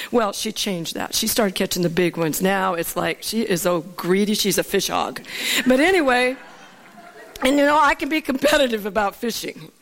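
A woman from Alaska preaching in a storytelling sermon, animated and laughing often as she asks her listeners for an amen. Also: high-pitched.

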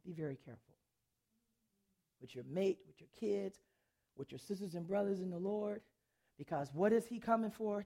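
A middle-aged woman giving a testimony sermon to an audience, a dramatic storyteller who laughs often and swings between loud and hushed. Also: medium pitch, expressive, a little fast, long pauses, husky.

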